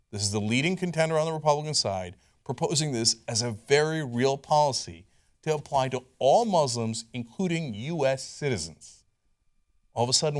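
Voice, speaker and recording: A man hosting political commentary in a sarcastic, incredulous, animated way. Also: on the high side.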